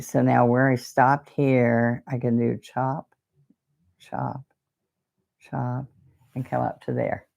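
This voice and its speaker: A woman's voice: extremely low pitch, vocal fry, darkish tone. A woman teaching a live painting lesson, chatting and wandering off topic as she demonstrates each brushstroke. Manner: chatty, digressive, talks while demonstrating.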